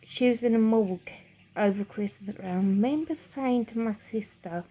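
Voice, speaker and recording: A woman's voice: a little high, normal speed, warm tone. Woman telling a painful life story. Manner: emotional, rambling, swears, frequent restarts. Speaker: vlogger. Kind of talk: personal storytelling to camera.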